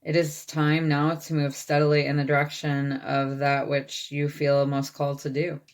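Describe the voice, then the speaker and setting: A woman with a low voice gives a channeled tarot reading. She reads card texts aloud at an even pace and checks in with her listeners now and then. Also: normal speed. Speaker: tarot reader.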